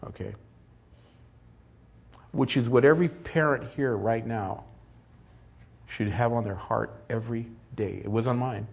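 A middle-aged man preaching from the pulpit, his voice slightly husky. He talks earnestly and steadily, then pushes up to forceful, emphatic peaks. His pitch stays in a middle range for a man. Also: a little slow, pauses often. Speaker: pastor. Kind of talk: sermon.

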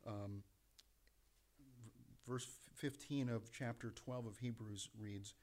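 A man's voice: lowish voice, fairly even intonation, slow, long pauses. Conversational man teaching a sermon. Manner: conversational, with many restarts and soft laughs. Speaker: preacher.

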